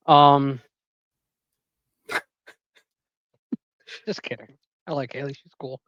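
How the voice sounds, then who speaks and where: A man's voice: medium pitch, steady tone, takes it slowly, long pauses, a bit bright, dry recording. A man in his thirties co-hosting a podcast, casual and joking, laughing and swearing as he tells stories. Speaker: podcast co-host. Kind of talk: casual chat.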